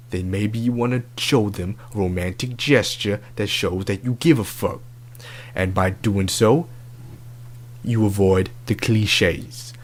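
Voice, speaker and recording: A man playing a brash, crude love-advice doctor in a comedic podcast bit, talking in swaggering, profane slang. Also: on the low side.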